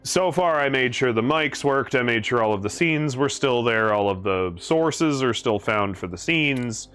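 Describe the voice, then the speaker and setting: A man's voice: medium pitch, lively intonation, measured pace, a bit bright, clear, resonant tone, soft background music. A man hosting a casual livestream, reading chat aloud and chatting in an easygoing way. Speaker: stream host.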